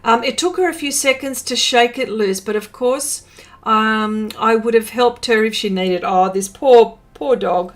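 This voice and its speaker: A woman's voice: on the high side, a little slow. An Australian woman hosting a live art stream, chatting casually and reading out viewer comments, with many fillers and small laughs.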